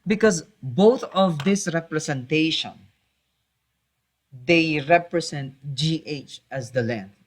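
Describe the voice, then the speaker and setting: A man's voice: on the high side, takes it slowly. A man teaching a math lesson, hesitating with many fillers, correcting himself and patiently repeating key points.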